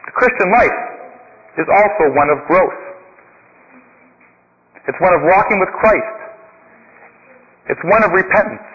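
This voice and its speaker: A man's voice: high voice, a little slow, long pauses. A man preaching a sermon, telling stories and building his points in rhythmic lists. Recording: dull sound with long reverb.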